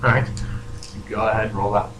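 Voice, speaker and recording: A man's voice: on the low side, little pitch movement, a little fast. A man narrating as game master, hesitant and full of fillers. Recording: echoey room with noise, poor audio.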